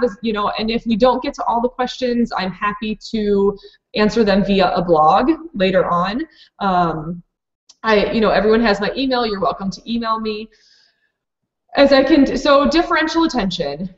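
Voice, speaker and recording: A woman's voice: medium pitch, echoey room, dull audio. A woman who runs a preschool program, presenting a live online training for teachers in a practical, explanatory way with many fillers and restarts.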